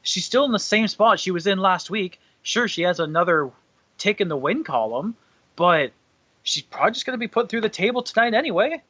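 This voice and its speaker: A man's voice: sits high, lively intonation, brisk, sharp tone, no room sound. A young man co-hosting a wrestling review, blunt and sarcastic in casual chat. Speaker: wrestling podcast co-host.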